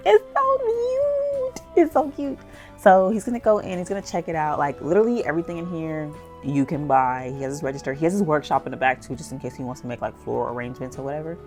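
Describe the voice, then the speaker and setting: Low-voiced woman telling a game story, super chatty, saying like a lot. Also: fast, hardly any pauses, faint music behind. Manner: chatty and animated, says "like" often. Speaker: gameplay narrator. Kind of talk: casual storytelling over life-sim gameplay.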